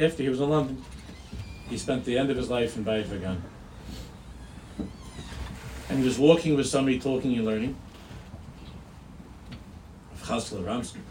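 A man giving a sermon as a rabbi, earnest and storytelling, repeating phrases and slowing down for emphasis. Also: medium pitch, darkish tone. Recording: echoey room from a distance with noise.

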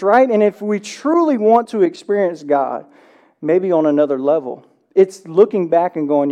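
A male pastor in his thirties delivers a sermon, reading a passage aloud before breaking into lively, conversational commentary. His voice sits high for a man, with a dark, mellow tone. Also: normal speed. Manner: reads scripture then preaches with animated asides.

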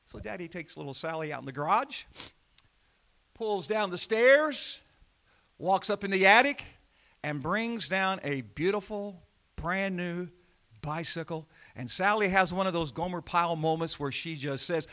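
A man preaching a sermon, calling out to the congregation and swinging between loud emphasis and quiet asides. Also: sits high, unhurried, long pauses. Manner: animated preaching with call-and-response. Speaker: pastor.

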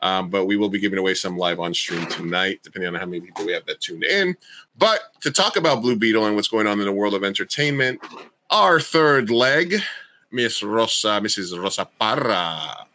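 A man's voice: low voice, expressive, fast, sharp tone. A man hosting a podcast in casual chat, rambling and often restarting his sentences. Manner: rambling, self-correcting. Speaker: podcast host.

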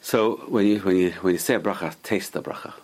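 A man's voice: low voice, fast, darkish tone. A man teaching an informal Torah class, explaining Hebrew sources and giving emphatic warnings.

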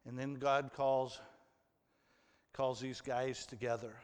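A man's voice: mid-range voice, level tone, takes it slowly, clear, resonant tone. A man preaching a sermon in a conversational way, asking the congregation questions and acting out the people in the story. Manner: conversational, asks the congregation questions, acts out quotes. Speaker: pastor. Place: church hall with an audience. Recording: long hall reverb.

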